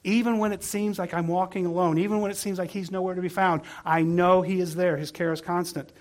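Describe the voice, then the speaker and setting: A pastor preaching a sermon, earnest and asking the congregation questions. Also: male voice, high-pitched, level tone, brisk.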